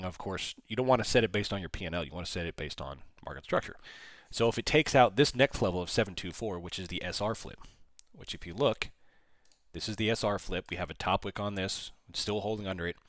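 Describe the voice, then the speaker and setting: A man's voice: low voice, quick pace, no echo. A man hosting a live day-trading stream, calling price levels and answering chat questions in a chatty way. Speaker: livestream day-trading host. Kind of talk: live market commentary. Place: small studio.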